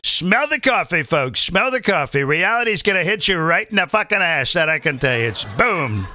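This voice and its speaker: Comedian guy going off on a cussing rant, high bright voice, keeps going "okay? right?". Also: sing-song, moderate pace, dry recording, clean studio sound, faint music behind. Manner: profane, combative ranting; keeps asking the audience for agreement. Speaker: comedian host.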